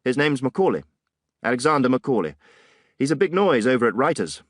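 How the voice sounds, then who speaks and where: A man's voice: mid-range voice, big pitch swings, a little fast, no echo, clean studio sound, pitched above the performer's own voice. A man voicing a pompous, condescending colonial police officer in an audiobook, with a drawling, superior manner. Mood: smug.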